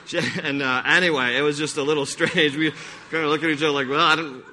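Bright-voiced preacher telling animated stories. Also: male voice, on the high side, fast. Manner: animated storytelling with laughs and restarts. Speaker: pastor. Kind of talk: sermon.

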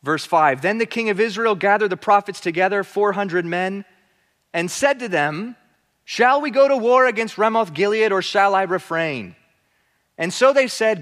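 A man preaches through a Bible passage with animated energy, slipping into voices for the characters. His voice sits notably high for a man. The sound rings with the long reverb of a large hall. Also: normal speed. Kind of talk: expository sermon.

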